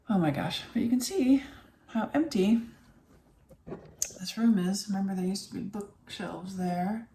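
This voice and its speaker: A woman's voice: medium pitch, measured pace, warm tone, a little hiss or hum. A tired middle-aged woman chatting casually in an emptied home office, emotional and full of fillers. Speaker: vlogger. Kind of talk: casual vlog chat.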